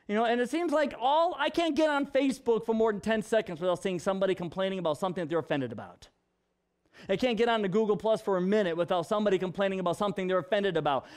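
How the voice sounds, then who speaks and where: A male pastor giving a casual, animated sermon full of jokes. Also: very high-pitched, smooth. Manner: animated, jokey, conversational preaching.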